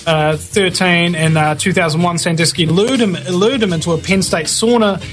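A man's voice: high-pitched, fairly even intonation, moderate pace, fairly bright tone, faint music behind. A man hosting a talk radio show, reading the news with blunt slangy asides and many fillers and restarts.

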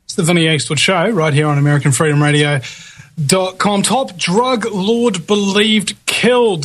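A man's voice: high-pitched, moderate pace, a bit bright. A man hosting a talk radio show, reading the news with blunt slangy asides and many fillers and restarts.

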